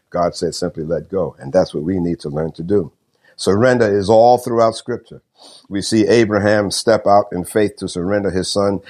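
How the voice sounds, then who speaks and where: A man who is a pastor, praying and preaching to listeners in a folksy, unhurried way, often pausing with "uh" and repeating phrases. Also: sits low, a little mellow. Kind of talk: sermon with prayer and storytelling.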